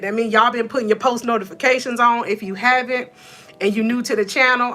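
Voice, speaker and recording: This motivational coach, a North Georgia woman in her thirties with a Georgia Southern accent, is live-streaming a pep talk from her room. Her voice sits fairly high, bright and forceful. Frequent laughter and sweet endearments for her viewers run through it.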